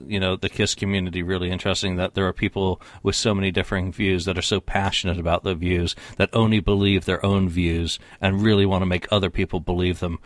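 A man's voice: deep voice, fairly bright tone, no room sound. A man in a casual chat, speaking bluntly and swearing freely.

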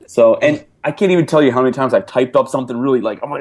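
A man co-hosting a casual chat, ranting in an animated way and mocking other people's words. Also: medium pitch, rapid-fire, few pauses.

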